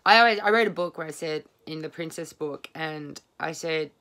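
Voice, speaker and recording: Low-pitched, bright-toned woman reading tarot at home; blunt, rambling, swears freely. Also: normal speed, few pauses. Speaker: tarot reader. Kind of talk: casual spoken tarot reading. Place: home, at a small table.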